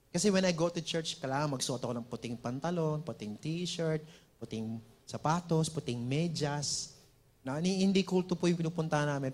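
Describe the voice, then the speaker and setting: A man with a Filipino accent preaching a sermon as pastor, moving from loud emphatic declarations to soft, intimate talk. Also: on the high side.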